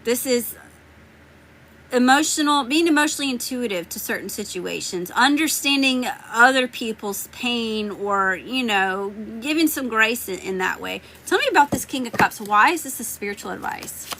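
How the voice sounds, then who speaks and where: A woman's voice: on the high side, animated, normal speed, fairly bright tone, rough recording. A woman with a Southern US accent giving live tarot readings, chatting and greeting viewers by name. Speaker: tarot reader.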